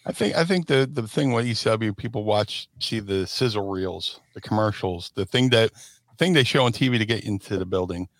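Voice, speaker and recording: A man's voice: on the low side, brisk, no room sound. Middle-aged philly guy telling wild stories, does the voices, dry close mic. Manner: animated, acts out voices and shouts in stories. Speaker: guest, former wrestler. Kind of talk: casual storytelling.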